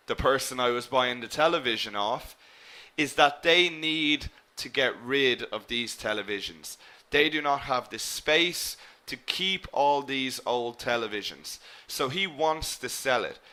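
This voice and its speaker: Bright-voiced man teaching an English lesson. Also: mid-range voice. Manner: encouraging, addresses students by name and checks answers; lively emphasis with frequent "okay?" and "guys". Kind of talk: online business English lesson.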